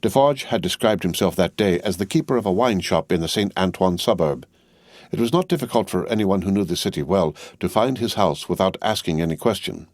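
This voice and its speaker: A man narrating a classic novel in a measured, even reading. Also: deep voice, no echo. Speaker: audiobook narrator. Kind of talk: scripted narration.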